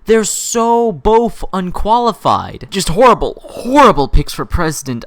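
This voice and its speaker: A man's voice: sing-song, measured pace, hardly any pauses, dry recording. Rambling young man ranting. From Canada. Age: 20s. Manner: rambling, sarcastic, with sudden jumps in pitch. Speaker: gaming YouTuber. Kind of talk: unscripted ranting vlog.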